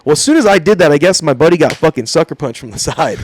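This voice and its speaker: A man's voice: fairly high pitch, fast, a little hiss or hum. Profane man telling a wild story. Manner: profane, animated storytelling with voiced quotes. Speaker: podcast guest. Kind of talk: casual storytelling.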